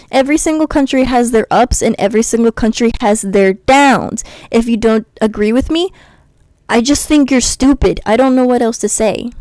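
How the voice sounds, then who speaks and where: Poor audio with no echo carries this ranting commentary from a US woman vlogger. Her fairly high, slightly mellow voice turns blunt and sarcastic as she mimics commenters in a sing-song.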